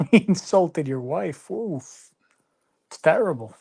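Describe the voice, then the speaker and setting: A man's voice: on the high side, lively intonation, takes it slowly, gravelly, a little mellow, breathy edge. A man hosting a livestream, teasing his guests and laughing often as he reads the chat. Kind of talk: casual stream chat.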